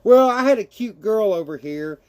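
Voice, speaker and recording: A man's voice: high-pitched, expressive, normal speed, clear, resonant tone. A man casually chatting with his livestream viewers and reading their messages aloud, laughing often and swearing freely.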